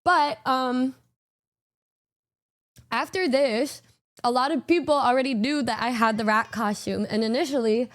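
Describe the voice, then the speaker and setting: A young woman hosts her own stream with a slightly high voice. She is chatty and playful, and often laughs between remarks. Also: a little slow, pauses often, a bit bright. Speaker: streamer host. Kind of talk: casual stream chat.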